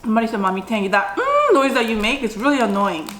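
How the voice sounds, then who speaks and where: Middle-aged woman, eating vlog, chatty, lots of mm sounds, slightly high voice, roomy echo. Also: huge pitch swings, fast talker, a bit bright, a little hiss or hum. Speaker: mukbang vlogger. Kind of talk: casual eating vlog chat.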